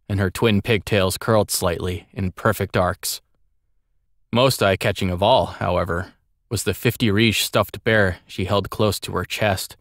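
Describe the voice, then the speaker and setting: A man reading a story aloud as an audiobook narrator, in a measured, expressive way. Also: lowish voice, dry recording, studio quality. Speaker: audiobook reader.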